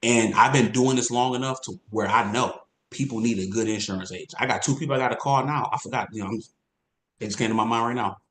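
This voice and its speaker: Energetic man coaching salespeople. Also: mid-range voice, fast talker. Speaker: insurance sales trainer. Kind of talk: motivational sales training talk. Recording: roomy echo.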